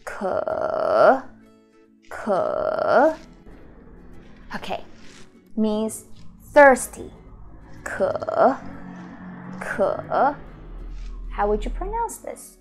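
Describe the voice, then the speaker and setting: A woman teaching Mandarin to total beginners, speaking slowly and deliberately. She models each syllable several times in a somewhat high voice, with faint music playing underneath. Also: animated. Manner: slow, drawn-out model pronunciations with repeated syllables. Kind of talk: beginner language lesson.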